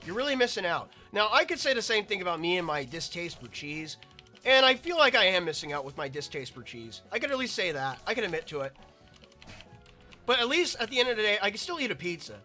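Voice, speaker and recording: A man's voice: high voice, sing-song, brisk, pushed and bright, soft background music. A man giving rambling, chatty commentary while playing a video game. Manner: rambling, chatty, self-interrupting. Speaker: gaming video creator. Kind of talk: casual gameplay commentary.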